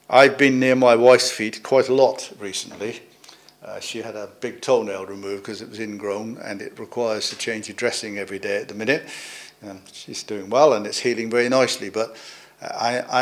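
A middle-aged man preaching a sermon in a conversational way, with gentle humor, pauses and fillers. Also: fairly low pitch, fairly even intonation. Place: church, services also on video call.

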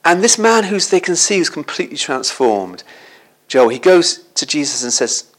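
Male preacher, storytelling sermon, lively and a little high, checks in with listeners. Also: moderate pace. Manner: animated, asks the listeners tag questions.

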